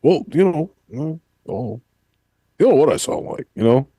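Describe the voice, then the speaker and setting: A man doing an impression of a rambling, boastful older male pro-wrestling star on a podcast, in a gravelly drawl. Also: a little high, animated, moderate pace, dark tone, no room sound, voice pushed up. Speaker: podcast co-host.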